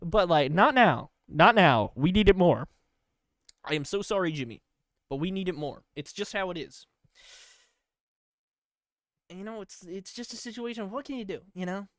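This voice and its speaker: A man's voice: sits high, moderate pace, pauses often, a little mellow, no room sound, studio quality. A man hosting a comedy podcast, rambling through a goofy monologue with loose filler asides and laughter breaking into his lines. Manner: breaks into laughter mid-line.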